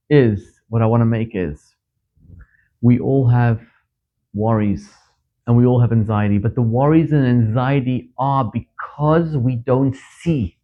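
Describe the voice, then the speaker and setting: A middle-aged man from Zimbabwe, a rabbi giving a sermon and telling stories, his voice climbing sharply whenever he stresses a point. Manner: animated storyteller, pitch leaping up for emphasis. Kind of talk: sermon with storytelling. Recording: dull lo-fi recording.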